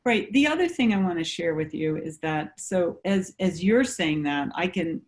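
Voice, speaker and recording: A woman counselor talking through coping ideas in a conversation. She explains in a measured way, with frequent fillers. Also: fairly low pitch, animated. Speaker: mental health counselor.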